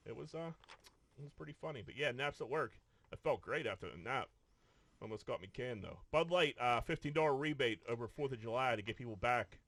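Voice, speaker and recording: A man's voice: medium pitch, expressive, fairly quick, a bit bright, dry recording. A man co-hosting a podcast, telling a profane story with lots of restarts and acted-out quotes. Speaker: podcast co-host. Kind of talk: casual chat. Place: podcast studio.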